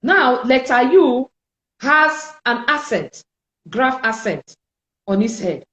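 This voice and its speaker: A woman teaching French in a spoken lesson, explaining slowly and deliberately and repeating sounds for her learners. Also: high-pitched, big pitch swings, fairly bright tone, reverberant, low-quality recording.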